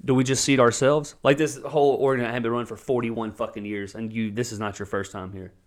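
A man's voice: on the low side, flat delivery. A man who works at a restaurant, chatting casually and venting about customers who ask dumb questions. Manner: quick, exasperated ranting about customers. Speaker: restaurant worker. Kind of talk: casual chat.

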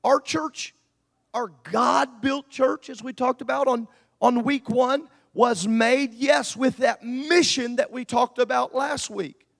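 A male pastor preaching a sermon, moving from quiet asides to shouted peaks. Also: extremely high pitch, slow, creaky.

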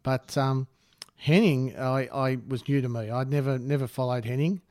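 A man's voice: mid-range voice, steady tone, normal speed, darkish tone, no room sound, studio quality. A man co-hosting a podcast, easygoing and chatty, calling people mate. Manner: easygoing, says mate, laughs often. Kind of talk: casual chat.

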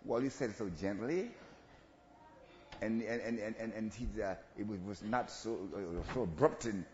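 A man preaching an animated sermon, swinging between hushed asides and loud calls to the congregation. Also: moderate pace. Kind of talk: call-and-response sermon. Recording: roomy, dull low-fi church recording with faint ambience.

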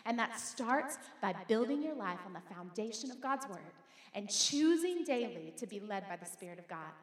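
A middle-aged woman pastor preaching a lively sermon to her congregation and calling on them to repeat her words. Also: medium pitch, normal speed. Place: church sanctuary. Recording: echoey hall.

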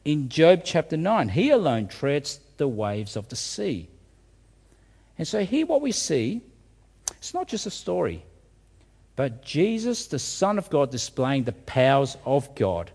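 A man's voice: medium pitch, wildly swooping pitch, unhurried, darkish tone, husky. A man preaching a sermon, asking rhetorical questions and often repeating words as he restarts. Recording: reverberant hall.

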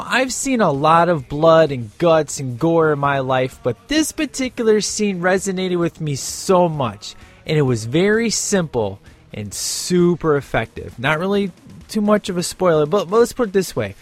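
A man from the United States hosting a podcast, reviewing a TV show in a casual, emphatic way that turns into an animated rant. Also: a little high. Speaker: podcast host.

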